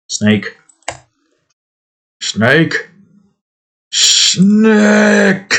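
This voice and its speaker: Man, art-channel host, slow rambling chat while drawing, voice neither high nor low. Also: a bit bright. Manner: rambling, trails off and restarts. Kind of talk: casual talk while drawing.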